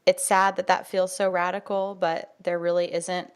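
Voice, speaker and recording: A woman hosting a podcast, speaking earnestly and warmly affirming, with many "you know" fillers. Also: on the low side, little pitch movement, moderate pace, clean tone. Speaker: podcast host. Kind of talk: casual conversation.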